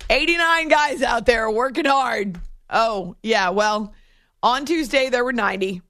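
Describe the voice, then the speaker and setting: On her sports radio program, this host keeps things chatty and wry, breaking into frequent laughter. Her voice sits a little high with a fairly bright tone, her pace is measured, and the sound has no echo.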